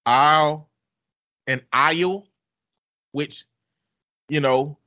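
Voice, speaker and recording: A man's voice: fairly high pitch, drawn-out words, lo-fi sound. A man with an Alabama Southern accent, chatting casually and expressively, cursing and laughing often. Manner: animated, profane, laughing often. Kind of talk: casual chat.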